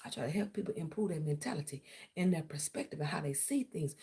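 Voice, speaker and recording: Speaking quickly in a lowish, mellow, animated voice, a tarot reader goes off on a former client during a livestream on her channel. The rant to her viewers is blunt, confrontational, and full of profanity.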